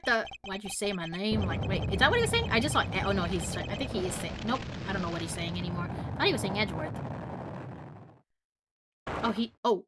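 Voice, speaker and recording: A woman's voice: medium pitch, sing-song, a little fast, heavy background noise. A young woman streaming a video game, chatting casually, giggly and self-mocking. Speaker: variety streamer.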